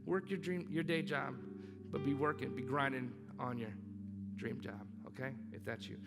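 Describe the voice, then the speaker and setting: A male pastor preaching a sermon, repeating key lines and rising to loud, emphatic urging. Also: medium pitch, fairly even intonation, moderate pace, gravelly. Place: church hall. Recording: long church reverb with music behind.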